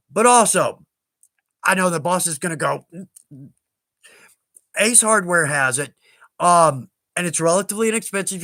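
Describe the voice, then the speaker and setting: Chatty Southern man, high bright voice. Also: no room sound. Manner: rambling, self-deprecating, chatty. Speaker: live-stream host answering viewer questions. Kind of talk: casual live Q&A chat.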